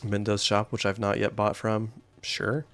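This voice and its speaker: Guy streaming a game, lowish voice, dry mic, faint music behind. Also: completely flat delivery, measured pace, a bit bright. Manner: joking, reads chat aloud. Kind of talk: gameplay commentary and story reading.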